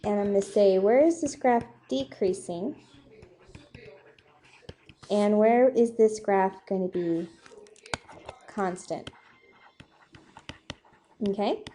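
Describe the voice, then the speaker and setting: Young female math tutor, warm and mellow, casual and self-deprecating, keeps asking "okay?". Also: medium pitch, slow, pauses often. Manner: chatty, self-deprecating, asks "okay?" often. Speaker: math teacher. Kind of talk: casual whiteboard math lesson.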